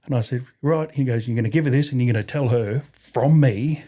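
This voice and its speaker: A man's voice: mid-range voice, brisk, mellow. An Australian man in his forties, a podcast guest telling army stories in casual chat, swearing freely and laughing as he goes. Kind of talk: casual storytelling interview.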